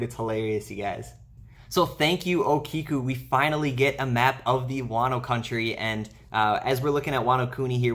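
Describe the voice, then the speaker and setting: A man's voice: medium pitch, fairly bright tone. A man giving a casual video commentary as a manga review YouTuber, chatting to his viewers with frequent fillers.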